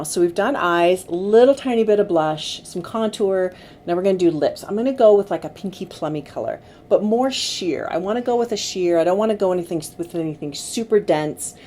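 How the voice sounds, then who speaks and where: A middle-aged woman working as a makeup artist, giving gentle, coaxing instructions to a client during a tutorial. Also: lowish voice. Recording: faint background noise.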